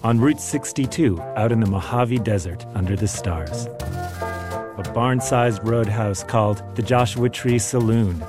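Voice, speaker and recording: A man's voice: fairly low pitch, a little slow, over music. A man reading aloud from his own memoir in a wry, self-deprecating storytelling manner.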